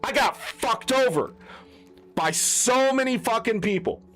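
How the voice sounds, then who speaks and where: Heated gamer-streamer rant, man, high voice with big swings, faint music underneath. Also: animated, a little slow, fairly bright tone. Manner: heated, profane ranting. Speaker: gaming streamer. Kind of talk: unscripted rant.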